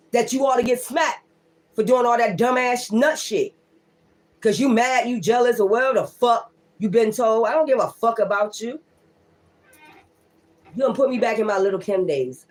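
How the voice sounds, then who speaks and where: A woman who reads tarot and rants on a casual livestream, profane, blunt and emphatic, and she keeps repeating her defiant points. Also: on the high side. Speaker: tarot reader.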